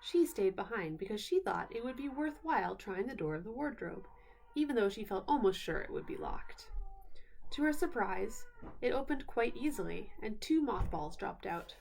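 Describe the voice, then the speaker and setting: A woman reading a bedtime story aloud in an unhurried way, pausing now and then to explain words. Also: medium pitch, animated, creaky, darkish tone, slight background noise.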